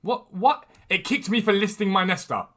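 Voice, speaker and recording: A man hosting a gaming livestream, chatting quickly and enthusiastically as he trades and answers questions from chat. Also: sits high, fairly bright tone. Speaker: gaming streamer and video host. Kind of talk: casual livestream chat while trading in a football game. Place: room at home with a door.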